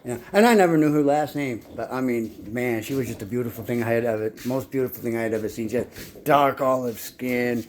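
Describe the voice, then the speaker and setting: A man's voice: medium pitch, brisk, a little hiss or hum. A man telling his life story in a rambling, casual monologue, swearing constantly and often stumbling and repeating words as he restarts his sentences. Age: adult.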